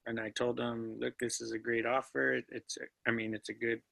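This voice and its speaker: A man's voice: medium pitch, little pitch movement, normal speed, vocal fry, a bit bright, dry recording, poor audio. A man, a real estate student, telling his story as an interview guest in a hesitant, modest way with frequent restarts. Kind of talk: casual interview chat.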